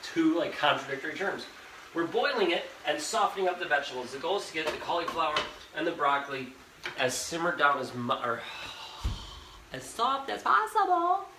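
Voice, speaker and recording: A man's voice: on the high side, quick pace. A young man hosting a live cooking stream from his home kitchen, chatting and rambling straight to his viewers. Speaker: host of a live cooking show. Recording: echoey kitchen with background noise. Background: fan noise.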